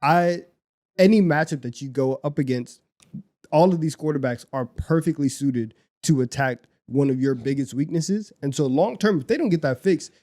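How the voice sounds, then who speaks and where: A young man with a slightly higher voice co-hosts a casual sports podcast. He talks in an animated way, circling back and repeating his phrases as he goes. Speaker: podcast co-host.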